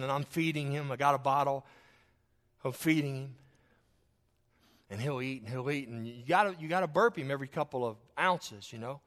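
A man delivers a sermon to his congregation. His voice sits a little high, and he swings between loud, emphatic declarations and quiet, almost whispered asides, folding in homey stories as he preaches. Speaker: pastor. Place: church sanctuary, also streamed online.

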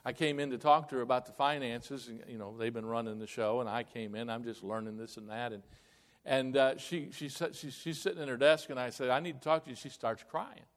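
A man who is a pastor, telling a story in a sermon in a folksy, animated way and acting out the dialogue, heard in a church. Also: mid-range voice, fairly quick. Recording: echoey hall with long reverb.

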